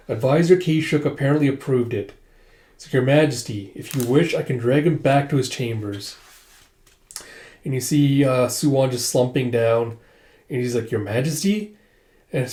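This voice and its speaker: Male manga reviewer, casual plot recap, mellow voice, roomy echo. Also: mid-range voice. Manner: retells the plot with many "he's like" quotes, voicing lines loosely.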